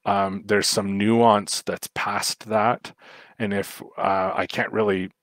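Low-voiced man explaining dog training. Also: little pitch movement, slow pace, fairly bright tone, dry recording. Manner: explanatory, many fillers and restarts. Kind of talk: livestream Q&A talk.

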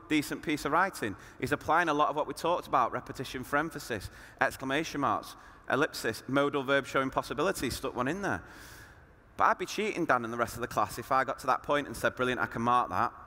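A man, a primary school teacher giving an animated talk to other teachers, full of rhetorical questions. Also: mid-range voice, fast talker, long reverb tail. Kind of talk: lively presentation to teachers.

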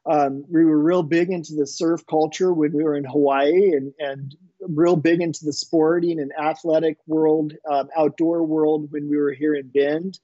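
Middle-aged guy rambling through a story, kinda high mellow voice, dry dull lo-fi audio. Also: moderate pace, dry recording. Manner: relaxed, rambling anecdotes with many restarts. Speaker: inventor and entrepreneur guest. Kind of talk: casual storytelling interview.

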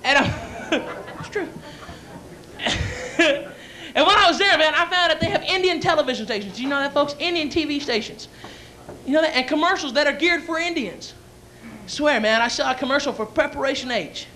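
A man's voice: extremely high pitch, normal speed, long pauses, sharp tone, a little hiss or hum. A young man, telling brash, rowdy stories as a stand-up comedian and MC on a comedy club stage. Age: young adult.

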